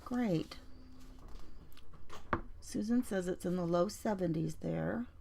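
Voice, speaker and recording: A woman's voice: on the low side, takes it slowly, vocal fry, background noise. A woman chatting on a craft livestream as she works, telling stories and greeting viewers by name. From Colorado. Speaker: junk journal crafter on a livestream. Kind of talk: casual craft livestream chat.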